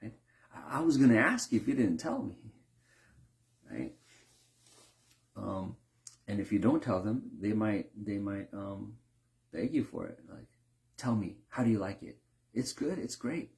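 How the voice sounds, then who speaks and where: A man talking casually in a reflective monologue, with many fillers and restarts, briefly acting out other people in a higher voice. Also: lively intonation, unhurried, gravelly, long pauses, a little mellow. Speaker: speaker sharing reflections.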